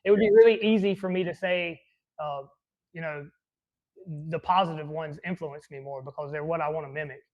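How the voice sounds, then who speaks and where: A man's voice: a little high, fairly even intonation, fairly quick, lo-fi sound. A man who is a fire captain, answering interview questions earnestly and reflectively, with many restarts. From American South.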